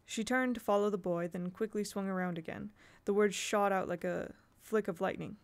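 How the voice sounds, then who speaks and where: A woman narrating a children's novel aloud at a steady, measured pace. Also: mid-range voice. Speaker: audiobook reader. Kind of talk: storybook narration.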